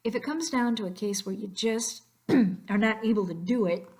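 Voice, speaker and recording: A woman's voice: mid-range voice, moderate pace, a little mellow. A woman with an American English accent, teaching Spanish pronunciation in a narrated slideshow lesson and drilling words by repetition.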